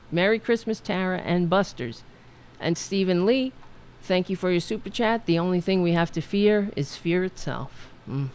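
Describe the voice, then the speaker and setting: A woman hosting a political live stream, chatting casually, reading out supporter messages with frequent laughs and restarts. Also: on the low side. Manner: chatty, animated, laughs often, trails off and restarts. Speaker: political show host.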